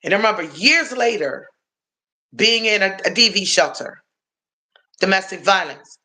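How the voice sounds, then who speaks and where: Her medium-pitched voice is animated, pushed and bright, moving at a normal speed. A middle-aged woman from Washington, D.C., hosts a livestream and shares her past with viewers, giving emotional personal testimony in an earnest, confiding way.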